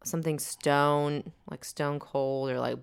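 A Texan woman co-hosting a podcast in casual, excitable chat, often trailing off mid-sentence. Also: low voice, slow pace, creaky, clean tone. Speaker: podcast co-host.

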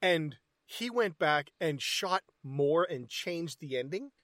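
Casting note: foul-mouthed guy with a high voice riffing on a bad movie. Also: takes it slowly, dry recording, clean studio sound. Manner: profane, animated, mocking. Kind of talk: casual chat reviewing a movie.

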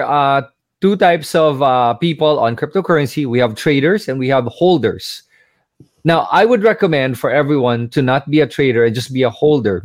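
A crypto investor appears as a guest in a casual chat, telling a story confidently and emphatically while acting out the conversations. His voice is on the high side, recorded in studio quality with no room sound.

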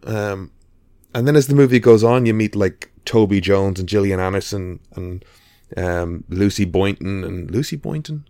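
A man's voice: low voice, lively intonation, moderate pace, darkish tone, no echo, studio quality. A man hosting a podcast in casual chat, rambling and hesitant with lots of fillers. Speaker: podcast host.

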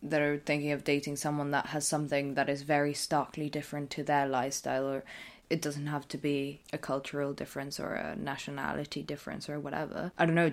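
A woman in her twenties with an English accent, co-hosting a podcast and talking in a thoughtful, measured way. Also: sits low. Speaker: podcast co-host. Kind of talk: casual chat.

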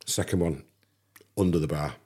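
Husky low-voiced Englishman telling a story. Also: moderate pace. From England. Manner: animated anecdote teller, acts out dialogue. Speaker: podcast guest. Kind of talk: casual storytelling.

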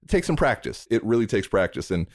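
Animated male podcast host, dry sound. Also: quick pace, no echo. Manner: animated, acts out remembered dialogue with jumps in pitch. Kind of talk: casual interview chat.

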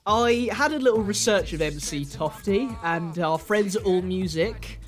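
A man's voice: high-pitched, unhurried, faint music behind. Man, podcast co-host, playful, hammy, casual comedic chat. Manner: playful, hammy showman announcements.

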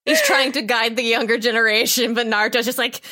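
A woman's voice: fairly high pitch, fast, bright, forceful tone. A woman co-hosting a casual podcast, giggly and often laughing through her lines. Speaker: podcast co-host. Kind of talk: casual chat.

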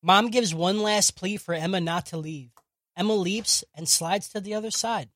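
A man's voice: high-pitched, normal speed, fairly bright tone, no echo. A man co-hosting a casual podcast, recapping scenes with jokes and swearing. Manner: profane, jokey, narrates scenes with acted quotes. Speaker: podcast co-host recapping an anime. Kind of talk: casual chat.

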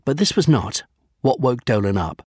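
A man narrates a storybook at an easy middle pitch. He lingers over long lists with gentle humour, and the recording is dry and close. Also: very animated, moderate pace, breathy edge, no room sound.

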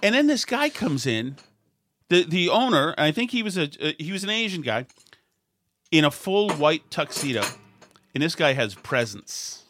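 A middle-aged man telling a rambling, self-mocking story in a casual chat, often restarting and acting out angry shouts. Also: on the high side, very animated, moderate pace, slight background noise. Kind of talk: casual anecdote.

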